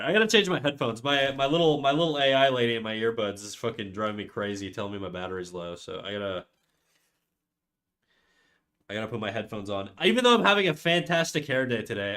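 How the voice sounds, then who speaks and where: Young man, cold, rambling casual stream chat, bright tense voice, curses freely. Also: mid-range voice. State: stuffy with a cold. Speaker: livestreamer.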